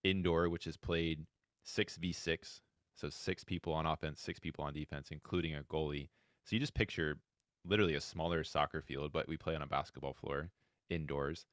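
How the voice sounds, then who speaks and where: Very deep smooth-voiced man. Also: moderate pace, no room sound, clean studio sound. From Florida, USA. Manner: animated storytelling, acts out quoted dialogue. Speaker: guest, wheelchair handball head coach. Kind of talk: podcast interview storytelling.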